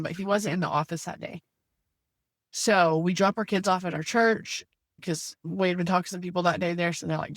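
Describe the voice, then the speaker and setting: A fairly low-pitched woman's voice comes through studio-quality sound with no echo. She's an American in her thirties guesting on a podcast, earnestly sharing a faith-centered story packed with "like" and "you know."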